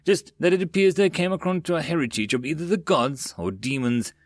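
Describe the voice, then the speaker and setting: Guy playing calm stone-faced commander, dismissive, dry audio. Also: a little high, fairly quick, dry recording, voice pushed up, lightly acted. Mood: cool. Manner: cool, dismissive. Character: calm, unreadable male legion commander.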